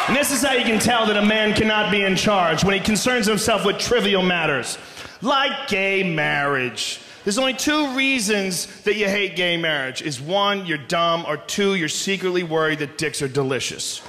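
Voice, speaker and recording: Stand-up guy yelling into a handheld mic, high-ish voice, big roomy hall with a long ringing reverb. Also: expressive, moderate pace, some chatter behind, slight background noise. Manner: loud, often shouting, profane and brash. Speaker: stand-up comedian. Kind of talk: live stand-up comedy. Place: large live venue on stage. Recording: echoey hall, live ambience.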